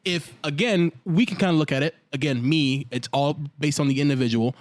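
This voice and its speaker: Animated man telling stories on a podcast. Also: a little high, a little fast, no room sound. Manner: animated storyteller, acts out quotes. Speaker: podcast co-host. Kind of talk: casual chat.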